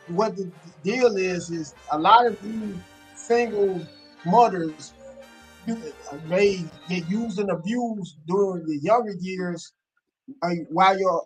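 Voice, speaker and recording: A man's voice: sits high, husky, rough recording. A man calling into a live show, making a long, blunt argument built on an analogy. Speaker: caller. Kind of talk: call-in commentary.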